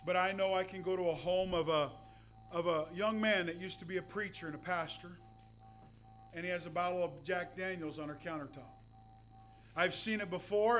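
Pastor guy, folksy storyteller, high voice, faint music behind. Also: a bit bright. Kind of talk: sermon.

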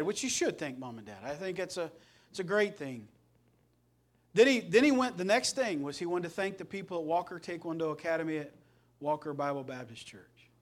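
A middle-aged male pastor, preaching a Sunday sermon that swings between loud passion and soft earnestness. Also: high voice.

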